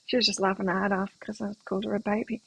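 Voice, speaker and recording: A woman's voice: medium pitch, flat delivery, very fast, creaky, slightly rough, poor audio. A middle-aged woman hosting a live tarot stream, chatting casually and telling rambling anecdotes between readings.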